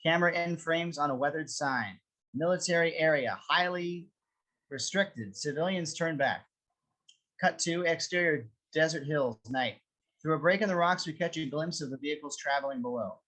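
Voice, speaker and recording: A man narrating a script reading, with a steady, descriptive reading of the stage directions. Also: on the high side, brisk, low-quality recording.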